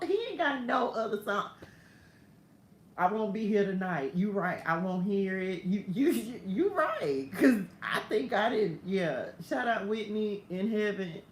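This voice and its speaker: A woman giving a casual, laughing, digressive morning devotional straight to her viewers, ending in prayer. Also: mid-range voice. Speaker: faith coach hosting a morning message. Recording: echoey room with faint ambient noise.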